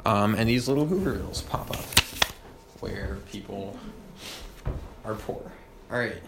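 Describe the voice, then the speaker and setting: A young man reviewing history fast, with lots of ums and uhs, over faint background noise. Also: lowish voice. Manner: quick, with many ums and uhs. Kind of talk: rapid study review.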